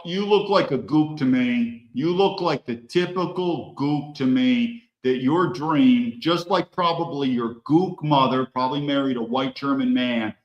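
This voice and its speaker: A man's voice: medium pitch, muffled recording. Emphatic man ranting in an echoey room. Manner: emphatic, blunt, repetitive. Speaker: host. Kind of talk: ranting commentary stream.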